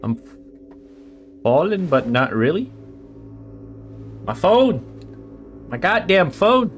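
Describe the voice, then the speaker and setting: A man's voice: sits high, very animated, slow, faint music behind. A man giving casual let's-play commentary, full of profane, joking, playful asides. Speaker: gaming streamer.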